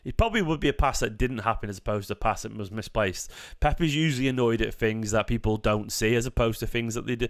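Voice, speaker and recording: A man's voice: mid-range voice, fast, few pauses. Chatty man hosting a watchalong. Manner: chatty, reacting excitedly to play and thanking viewers. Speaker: fan channel host. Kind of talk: casual live watchalong commentary.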